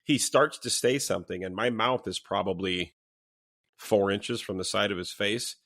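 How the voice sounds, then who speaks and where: Lower-voiced man telling a story, swearing freely. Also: normal speed. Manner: animated, swears freely, acts out quoted lines. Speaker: guest, former police officer. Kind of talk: casual podcast storytelling.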